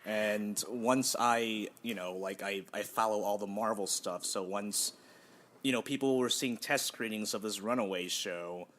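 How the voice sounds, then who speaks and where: A young man co-hosting a casual podcast chat, talkative, self-deprecating and quick to laugh. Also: lowish voice, fairly bright tone. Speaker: podcast co-host.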